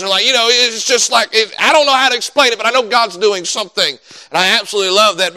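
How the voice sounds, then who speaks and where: A pastor praying and then preaching a sermon, fervent and emphatic, rising to loud bursts. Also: male voice, high-pitched, smooth, rough recording.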